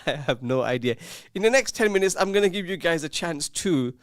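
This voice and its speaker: Bloke hosting a radio show, chatty and teasing, dry close studio mic. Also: male voice, on the high side, lively intonation, normal speed, no room sound. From England. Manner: chatty and teasing, reads listener messages. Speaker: radio presenter. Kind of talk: casual radio chat. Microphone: studio microphone.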